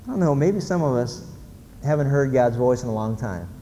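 A man's voice: mid-range voice, expressive, brisk, warm tone. A male pastor preaching a sermon in an emphatic storytelling manner, putting questions to the audience. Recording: reverberant hall, faint background noise.

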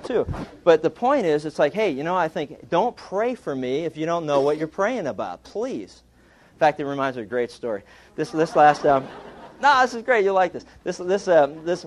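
A man preaching a sermon, telling humorous stories in an animated way. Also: on the high side, a little hiss or hum.

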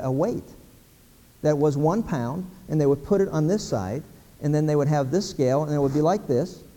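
A man's voice: a little high, mellow, in a large hall. A middle-aged man from Pennsylvania preaching a sermon, folksy, acting out little everyday scenes. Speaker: pastor.

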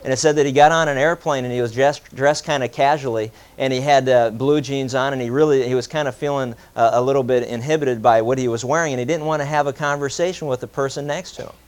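A preacher telling an anecdote in a sermon, animated and voicing both sides of a conversation. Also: male voice, mid-range voice, fast, hardly any pauses, clean tone. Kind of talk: sermon storytelling.

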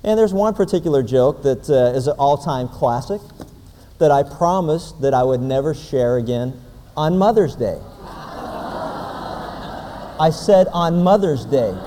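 A man preaching a sermon in a church with folksy jokes, talking straight to his congregation. His voice sits fairly high but sounds mellow. A long reverb fills the big room. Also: lively intonation, a little slow, pauses often, a little hiss or hum. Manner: folksy, joking, addresses the congregation directly. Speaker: pastor. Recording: long reverb of a large hall.

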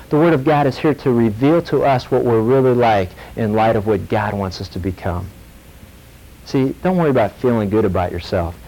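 A male pastor preaching a sermon in a lively, joking storytelling way that drops into earnest warnings. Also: lowish voice, low-quality recording. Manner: animated, jokey storytelling with sudden drops to earnest.

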